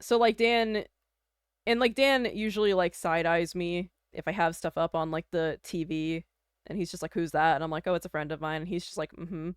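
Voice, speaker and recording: A woman's voice: fairly low pitch, steady tone, fairly quick, clean tone, dry recording, studio quality. A young woman from Canada chatting casually on a livestream, rambling with lots of fillers and little laughs. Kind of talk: casual chat.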